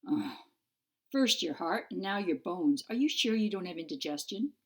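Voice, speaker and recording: A woman's voice: fairly low pitch, lively intonation, moderate pace. A woman voicing a sardonic female cat familiar in an audiobook, dry and sarcastic. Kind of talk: audiobook character voice.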